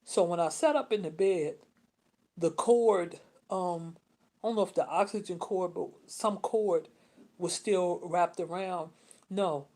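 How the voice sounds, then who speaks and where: A woman, telling a personal story in a rambling, repetitive way with many restarts and pauses. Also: on the low side, darkish tone. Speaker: vlogger.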